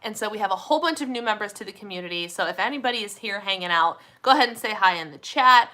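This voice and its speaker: A woman's voice: medium pitch, animated, fast talker, sharp tone. A woman hosting a casual live community chat, chatting and answering viewer comments in an upbeat way. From Minneapolis area, USA. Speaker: host.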